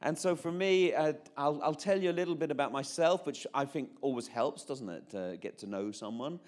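A man's voice: fairly high pitch, a little fast. Chatty Northern Irish preacher in his fifties. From Northern Ireland. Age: 50s. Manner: chatty, self-interrupting, jokey asides. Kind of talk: personal testimony sermon.

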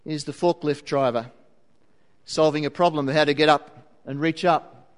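A man delivers a sermon, earnest and conversational, often turning to his listeners with a question. His voice sits a bit high for a man. The sound carries the long reverb of a big church hall. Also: steady tone, normal speed. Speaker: preacher.

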